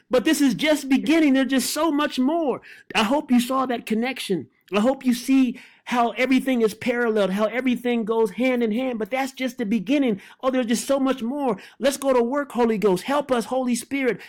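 A fervent preacher teaching scripture, who sounds overwhelmed with excitement. The voice leaps up and drops low, with lines repeated and slowed for emphasis. Prayers and bursts of laughter break in mid-sentence. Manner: overwhelmed and exclamatory, repeating phrases and praying aloud. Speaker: Bible teacher.

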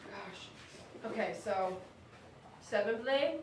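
While grooming a dog in her shop, a woman live streams and chats emotionally with viewers, speaking slowly and animatedly. She uses a high, coaxing voice with the dogs. The mic sits at a distance in an echoey room, with faint noise.

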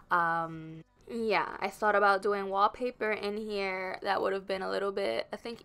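A woman's voice: on the low side, vocal fry, a bit bright, smooth. A pregnant woman vlogger narrating her video in a chatty, rambling way with lots of fillers. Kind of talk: casual voice-over narration.

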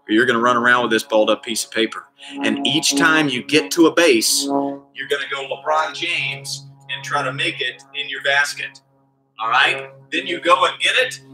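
A man's voice: a little high, sharp tone. A man leading a live online exercise class for kids as their PE coach, counting out reps and cheering the children on by name. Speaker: PE coach hosting a kids' class.

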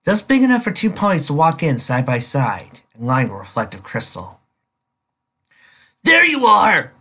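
A man reading his own fan fiction story aloud as narrator, in an expressive, animated way. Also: mid-range voice, brisk, breathy edge. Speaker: fan fiction author and reader.

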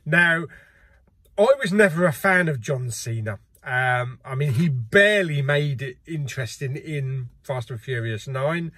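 A man's voice: medium pitch, expressive, measured pace, a bit bright, husky, no room sound. A middle-aged man, hosting a casual video and chatting in a jokey way with frequent laughs. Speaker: host. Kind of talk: casual chat.

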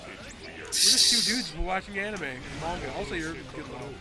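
A young man casually commentating a video game with a friend, animated, laughing and swearing, now and then mimicking silly voices. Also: high voice, moderate pace. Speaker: gameplay commentator. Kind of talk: casual chat over gameplay. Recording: game music behind. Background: game music.

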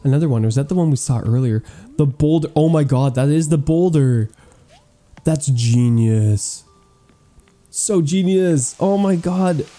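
Guy doing hyped gameplay commentary, super warm dark voice, goofy puns. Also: a little high, measured pace, soft background music. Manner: excitable, gushing, playful puns. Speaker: gaming YouTuber touring an island.

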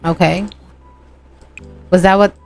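A woman with a low-pitched voice chats casually as she plays through a life-sim game, cursing freely and talking straight to her viewers. Faint game music runs underneath her commentary. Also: steady tone, slow pace, gravelly. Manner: chatty, profane, talks to viewers as "y'all". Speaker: gaming channel host.

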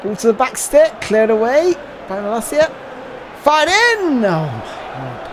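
Animated man calling a football game. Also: extremely high pitch, a little slow, background noise. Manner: swings between hushed despair and shouted celebration. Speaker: gaming commentator. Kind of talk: excited gameplay commentary.

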